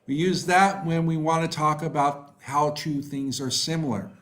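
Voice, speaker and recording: A man teaching a live online class. He reads out student answers and praises them by name, talking slowly with many fillers. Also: on the high side, steady tone, fairly bright tone. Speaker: online English tutor. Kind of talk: live online class, reading chat replies.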